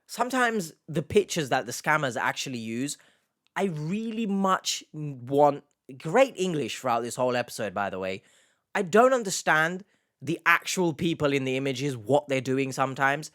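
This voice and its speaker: A man's voice: fairly high pitch, animated, moderate pace, fairly bright tone. A man hosting a reaction video, commenting casually with sarcastic, mocking asides.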